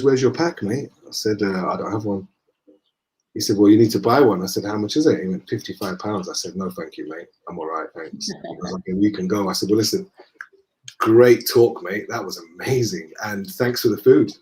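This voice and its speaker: A man with a Northern English accent, a guest in a conversation, telling lively anecdotes and acting out the dialogue. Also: lowish voice. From northern England. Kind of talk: casual storytelling in conversation.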